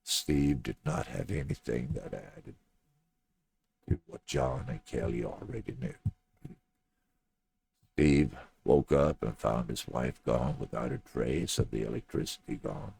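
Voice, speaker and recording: A man reading a story aloud in a plain, steady audiobook narration, with a gravelly voice. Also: rumbling low, unhurried.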